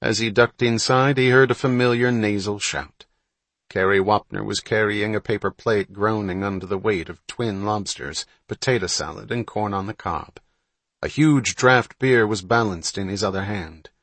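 A man reading a novel aloud as a measured, even audiobook narrator. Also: lowish voice, no echo. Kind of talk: scripted narration.

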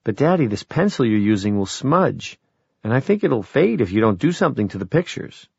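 A man's voice: mid-range voice, big pitch swings, a little fast, creaky, darkish tone, breathy edge, no echo, exaggerated voice. Brief: male reader doing an insistent grown daughter, audiobook, dull dry sound. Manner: coaxing, persistent. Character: young adult daughter, earnest and insistent.

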